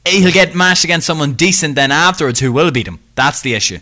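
A man's voice: fairly high pitch, lively intonation, a little fast, bright, forceful tone. A young Irish man co-hosting a podcast, chatty and jokey, talking himself up. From Ireland. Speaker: podcast co-host. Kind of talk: casual podcast chat.

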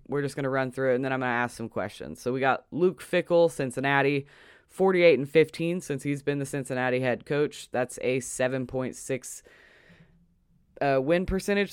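A man's voice: medium pitch, smooth, no room sound, clean studio sound. A young man ranting casually about a sports poll, exasperated and emphatic, his voice jumping up on punchlines. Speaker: sports commentator.

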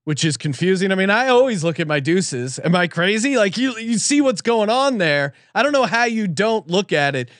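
A man's voice: high-pitched, expressive, normal speed, few pauses, a bit bright, dry recording, studio quality. A man co-hosting a casual sports betting chat, joking and laughing easily. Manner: laughs easily, jokey, rambling. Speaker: sports betting show co-host.

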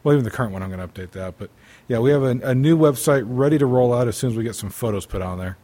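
A man's voice: mid-range voice, very fast, dark tone. A man co-hosting a podcast in casual chat, speaking in a dry, matter-of-fact way. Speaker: podcast co-host.

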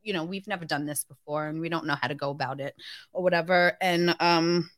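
A woman's voice: sits low, steady tone, brisk, fairly bright tone, no echo. A woman co-hosting a podcast, chatting bubbly and crude with her friends. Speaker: podcast co-host. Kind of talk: casual podcast chat.

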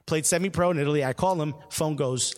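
A man's voice: on the high side, fast talker. Slangy New man telling a story. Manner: animated, slangy, acts out quotes. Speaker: show host. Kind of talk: casual storytelling chat.

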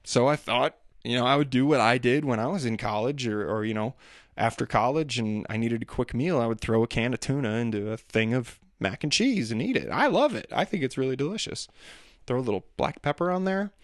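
A man's voice: mid-range voice, animated, a little fast, no echo, clean studio sound. A man telling rambling, self-deprecating stories about family life in a casual monologue. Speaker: father talking about daily life.

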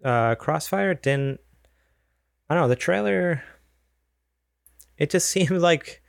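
Gravelly, rambling podcast guy. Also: fairly high pitch, expressive, takes it slowly, dry recording, studio quality. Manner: rambling, hedging with fillers. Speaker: podcast co-host. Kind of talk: casual chat.

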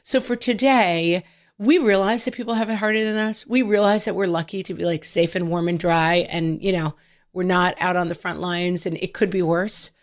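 A middle-aged woman co-hosting a podcast in casual, animated chat and storytelling. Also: fairly low pitch, normal speed. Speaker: podcast co-host.

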